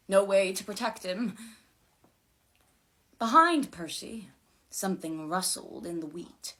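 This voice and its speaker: A woman reading a fantasy novel aloud in an expressive, dramatic way. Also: fairly low pitch, measured pace. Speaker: reader.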